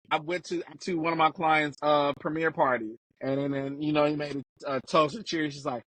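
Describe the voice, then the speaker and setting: A middle-aged man from Chicago, guest in a casual interview, telling stories animatedly and acting out quotes with big pitch jumps. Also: fairly even intonation, a little fast, few pauses, fairly bright tone.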